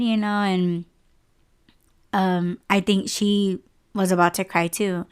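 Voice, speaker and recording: A young woman hosts her own podcast and recounts a hard day in an unhurried, halting way, full of fillers and restarts. Her voice is smooth and clear, and she sounds close to tears. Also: medium pitch, flat delivery, a bit bright. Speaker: podcast host. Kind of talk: casual personal storytelling.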